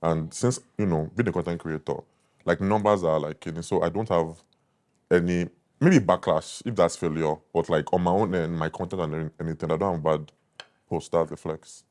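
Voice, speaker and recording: A man's voice: sits low, fairly even intonation, moderate pace, a little mellow. A young adult man with a Nigerian accent, a food critic guest talking confidently and emphatically in a casual interview.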